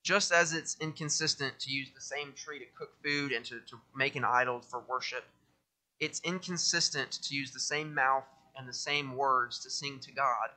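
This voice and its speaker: A young man preaching a sermon, reading scripture aloud with emphasis and then talking in a lively, conversational way. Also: mid-range voice, moderate pace.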